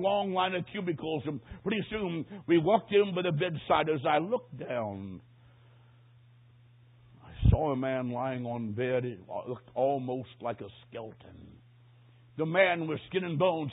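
A man preaching a sermon, telling a story dramatically and swinging between hushed and loud delivery. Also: sits high, slightly rough. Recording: tinny phone-like lo-fi recording.

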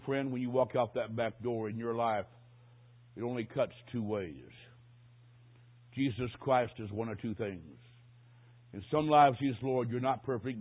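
A man preaching a sermon, telling a story dramatically and swinging between hushed and loud delivery. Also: medium pitch. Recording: tinny phone-like lo-fi recording.

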